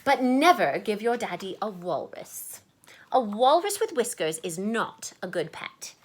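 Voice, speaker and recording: A woman's voice: mid-range voice, very animated, a little slow, breathy edge. A woman reading a children's picture book aloud, playful and chatty, with asides between the verses and sometimes dropping to a whisper.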